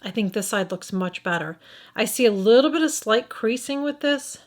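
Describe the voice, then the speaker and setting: A woman's voice: on the high side, animated, normal speed. A middle-aged woman with a Midwestern accent giving a casual makeup review, thinking aloud and often restarting her sentences. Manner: thinking aloud, hesitant, frequent restarts and self-corrections. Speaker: beauty vlogger.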